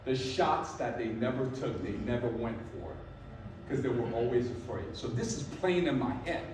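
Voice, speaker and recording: A man's voice: mid-range voice, animated, moderate pace, background noise. A man in his fifties giving a motivational talk, emphatic and repeating his points, often asking "right?". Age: 50s. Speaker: motivational speaker. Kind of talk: motivational talk to a live audience. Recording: echoey room from far off, faint background ambience.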